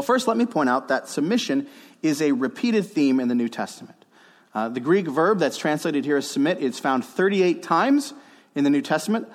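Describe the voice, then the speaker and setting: A man's voice: on the high side, long reverb tail. A man preaching a sermon as pastor, earnest and emphatic, repeating key phrases to drive them home. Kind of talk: expository sermon.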